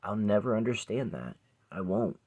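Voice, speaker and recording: Man, 40s, very low husky voice; rambling vlog storyteller, swears, drifts into hushed asides. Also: sing-song, moderate pace. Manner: rambling, swears often, drops to a near whisper at times. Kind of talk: casual personal storytelling to camera. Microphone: phone or camera close by.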